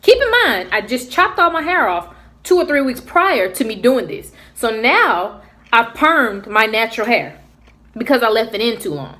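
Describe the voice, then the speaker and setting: A young woman with a slightly high voice tells a casual story to her viewers. She is animated and slips into the voices of the people in her story. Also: moderate pace. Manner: animated, acts out what others said. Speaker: vlogger.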